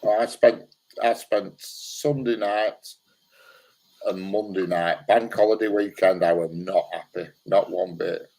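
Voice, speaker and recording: A man's voice: low-pitched, steady tone, measured pace, gravelly, a little mellow, husky, rough recording. A man, a guest, telling a story in a dry, plain-spoken way. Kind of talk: casual chat.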